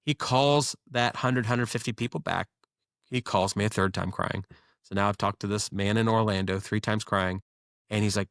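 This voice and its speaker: A man, a guest business owner, telling stories in a casual interview with quick, animated delivery and frequent restarts. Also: on the low side, vocal fry, no room sound, clean studio sound.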